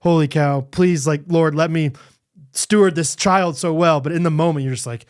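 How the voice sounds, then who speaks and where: A man in his thirties co-hosting a podcast, telling a story in casual chat, acting out what people said with sudden jumps up in pitch and frequent laughter. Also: fairly even intonation, normal speed, darkish tone, clean tone. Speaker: podcast co-host.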